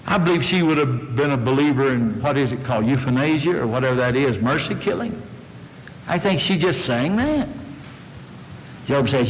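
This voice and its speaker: A man's voice: mid-range voice, big pitch swings, moderate pace, a little hiss or hum. A male preacher, giving a folksy sermon and questioning his listeners. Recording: long reverb of a hall.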